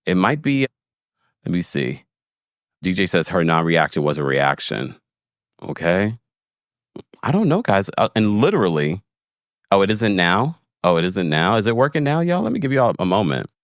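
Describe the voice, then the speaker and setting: A deep-voiced man at normal speed, pausing often, runs a casual livestream where he recaps a reality show and laughingly reads viewer comments aloud. His manner is animated and aimed straight at viewers; the studio sound is clean with no echo.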